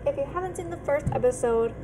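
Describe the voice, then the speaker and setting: A woman's voice: sits high, fast talker, background noise. A woman hosting a horror game let's play, nervous and hesitant, with many ums and pleading asides. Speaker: gaming channel host.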